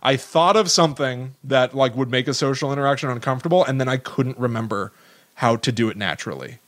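A man's voice: medium pitch, quick pace, fairly bright tone, no room sound. A man co-hosting a podcast, chatting casually in a rambling way, full of "like" and restarts. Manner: rambling, many likes and restarts. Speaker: podcast co-host. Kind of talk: casual chat.

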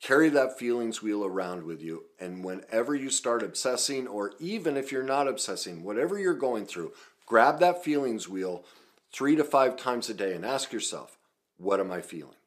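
A man's voice: medium pitch, expressive, normal speed. A middle-aged man, a self-help coach, talking earnestly and emphatically in a video, sharing his own story.

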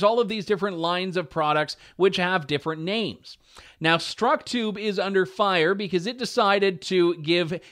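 A man's voice: on the high side, fairly bright tone, clean tone. A young man hosting a talk radio show, delivering opinion commentary with wry, sarcastic asides and chuckles.

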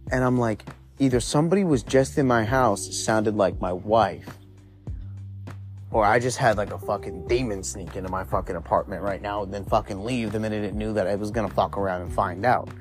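A man's voice: lowish voice, brisk, faint music behind. A man hosting a podcast, telling a spooky personal story in a rambling, profane, conversational way. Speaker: podcast host.

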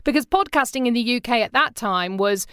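A woman's voice: fairly high pitch, fairly quick, smooth, no room sound, studio quality. A British woman, a podcast producer, chatting in an interview and acting out the people she quotes. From Britain. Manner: animated storyteller, acts out quoted people. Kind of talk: casual interview chat.

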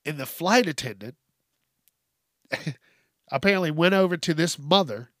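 A man's voice: fairly high pitch, animated, moderate pace, a bit bright, no echo. Profane ranting man, dry close sound. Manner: profane, exasperated ranting with bursts of laughter. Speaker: podcast host. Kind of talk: ranting comedic news podcast.

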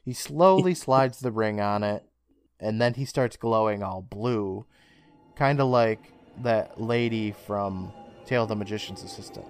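A man co-hosting a casual podcast, retelling a show's scenes with quick character lines and frequent laughs. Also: on the low side, a little mellow, soft background music. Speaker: podcast co-host. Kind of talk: casual recap chat.

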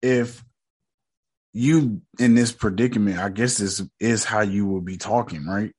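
A man's voice: on the low side, unhurried, darkish tone, husky. A man casually recapping a TV episode in slangy, joking talk, mockingly quoting the characters. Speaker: show recap host.

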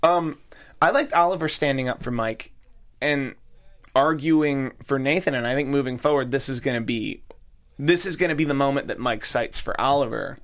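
Male co-host, relaxed and jokey, mid-pitched, easygoing chat. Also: moderate pace. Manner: joking, laid-back, loses names. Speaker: podcast co-host. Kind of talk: casual chat.

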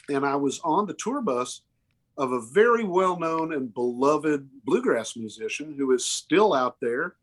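A man's voice: a little high, fairly bright tone. Earnest man in his fifties. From Oklahoma. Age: 50s. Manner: earnest, emotional, halting restarts. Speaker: musician guest. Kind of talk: candid interview storytelling.

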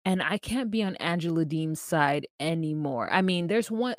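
A lower-voiced woman recaps reality TV, and her rant grows more exasperated as she goes. Her voice is close and dry, with no room sound around it. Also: moderate pace, hardly any pauses, dry recording. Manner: animated, exasperated, ranting. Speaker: podcast co-host. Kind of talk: casual TV recap chat.

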